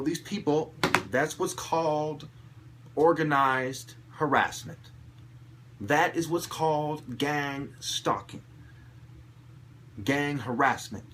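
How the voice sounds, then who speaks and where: A man with a somewhat high voice rants to camera. He swears freely and swings into sudden loud outbursts, repeating and restarting his phrases as he goes. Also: slight background noise. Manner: agitated, profane ranting with sudden loud outbursts. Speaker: vlogger. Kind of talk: angry monologue to camera.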